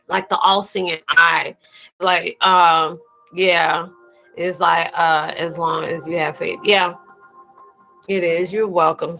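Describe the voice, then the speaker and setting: A woman's voice: fairly low pitch, fairly bright tone, poor audio. Tearful woman hosting a spiritual live chat. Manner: emotional and earnest, addressing viewers by name; colloquial, fillers and restarts, calls listeners sweetie. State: close to tears. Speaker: live-stream host and spiritual reader.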